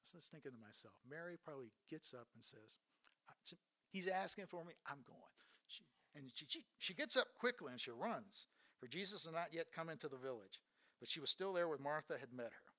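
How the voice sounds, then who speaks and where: A man's voice: fairly high pitch, very animated, fast, bright, forceful tone. Earnest man preaching a sermon. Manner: earnest, asks rhetorical questions. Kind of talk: sermon retelling Bible stories.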